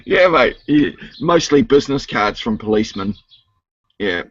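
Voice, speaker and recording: A man's voice: medium pitch, animated, moderate pace, fairly bright tone, dry recording, lo-fi sound. A middle-aged man at home in a casual online voice chat, joking and swearing freely as he rambles. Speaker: voice chat participant.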